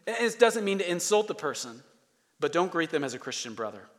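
A man with a fairly high voice preaches a sermon in a church sanctuary. He talks in a conversational but emphatic way, stacking short repeated phrases for stress. His voice carries with the long reverb of a large hall. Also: sing-song, brisk, fairly bright tone. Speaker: pastor.

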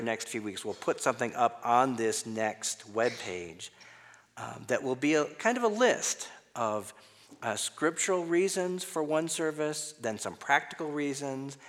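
In a church sanctuary with long hall reverb, a pastor preaches an expository sermon, reading scripture aloud and then unpacking its words conversationally. His voice is medium-pitched with a fairly bright tone.

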